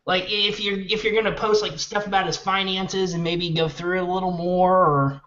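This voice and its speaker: A young adult student calling in to a casual group chat, offering help in a relaxed way. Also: mid-range voice, normal speed. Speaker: caller. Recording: lo-fi call audio.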